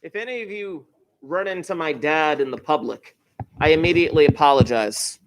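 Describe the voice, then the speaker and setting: Chatty, excitable middle-aged math teacher. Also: male voice, fairly high pitch, moderate pace, background noise. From New Jersey. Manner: chatty, enthusiastic, wandering asides. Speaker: high school math teacher. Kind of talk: classroom lecture with digressions. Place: classroom.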